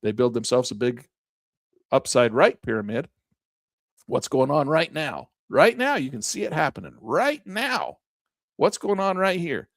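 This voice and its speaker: Male trading instructor, folksy and emphatic, mid-pitched, dry close sound. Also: big pitch swings, measured pace, no room sound. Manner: emphatic, folksy, chanting repeated words. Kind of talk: casual chart walkthrough lesson.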